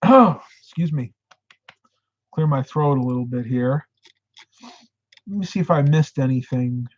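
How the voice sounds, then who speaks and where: Telling stories and replying to viewers, a middle-aged man from upstate New York runs a relaxed live stream. He speaks in a darkish mid-range voice with lively intonation at a measured pace, heard through a muffled recording.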